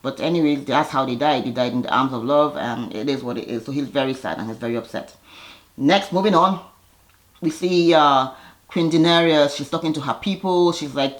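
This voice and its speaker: A woman casually retelling a TV episode in a chatty, animated way, slipping into quick impressions of the characters. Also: sits low. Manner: chatty, with frequent restarts and fillers. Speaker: TV episode recapper.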